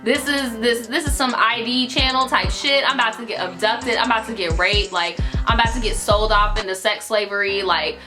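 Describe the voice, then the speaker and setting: A young adult woman telling a story in an animated, profane, filler-heavy style. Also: on the high side, fairly quick, few pauses. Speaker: YouTuber. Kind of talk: casual storytime vlog. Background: music.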